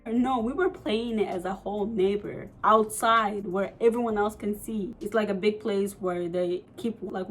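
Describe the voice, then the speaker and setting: Animated, swearing young woman storyteller. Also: medium pitch, poor audio. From United States. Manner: animated, profane, many "like" and "you know" fillers. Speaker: vlogger. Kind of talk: story-time vlog.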